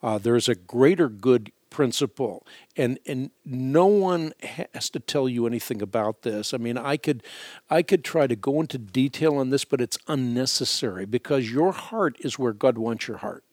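A man's voice: medium pitch, expressive, moderate pace, darkish tone, no room sound, clean studio sound. Earnest male radio host. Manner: earnest, reassuring, preacherly. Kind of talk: religious call-in advice.

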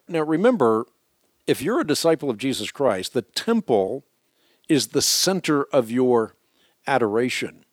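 A man's voice: mid-range voice, dry recording, studio quality. A man hosting a radio Bible teaching show, explaining scripture with emphatic, rising stress on key words.

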